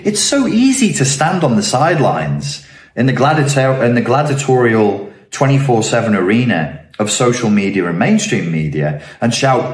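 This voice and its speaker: A man's voice: medium pitch, very animated, normal speed, echoey room, soft background music. A man giving an emphatic self-help monologue, acting out other people's voices as he goes. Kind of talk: motivational monologue.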